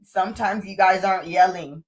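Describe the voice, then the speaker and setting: A woman's voice: medium pitch, fairly quick. A woman co-hosting a casual couple's livestream, speaking candidly and bluntly and laughing often.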